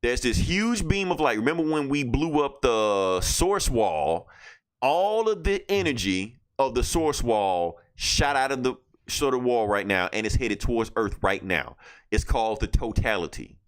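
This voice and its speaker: A man voicing a calm male alien superhero in a comic recap, in a plain, brisk retelling voice. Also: mid-range voice, lightly acted. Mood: urgent. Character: Martian Manhunter, calm male alien hero.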